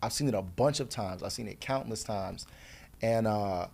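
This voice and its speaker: A man telling a story to the camera, casual and playful, with quick asides to the viewer. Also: fairly low pitch, vocal fry, darkish tone. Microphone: camera mic.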